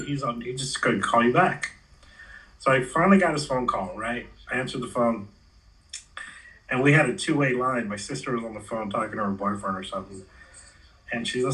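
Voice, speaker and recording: A man's voice: mid-range voice, moderate pace, sharp tone, far from the mic, poor audio. A man in his forties, a former pro skater, telling stories in a laid-back, slangy way and acting out the quotes. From Los Angeles area. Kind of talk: casual storytelling interview.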